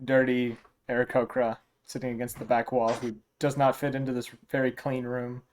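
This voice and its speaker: A man's voice: medium pitch, little pitch movement, a little hiss or hum. Man running a tabletop game. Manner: descriptive, halting with fillers. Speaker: dungeon master.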